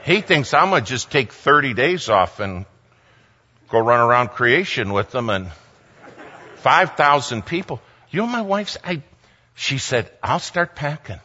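A man giving a sermon as a story, animated, humorous and conversational. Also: medium pitch, unhurried, slight background noise. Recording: dull sound, long hall reverb.

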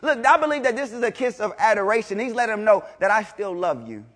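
An animated, fast-talking man preaches a sermon to his congregation. He repeats himself for emphasis, moves from loud proclamations to low, intense passages, and asks rhetorical questions.

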